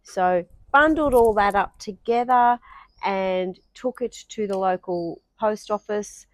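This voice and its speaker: A woman's voice: medium pitch, slow pace, no echo. An Australian woman talking through her own experience in a casual vlog, chatty, with frequent ums and restarts. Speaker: vlogger.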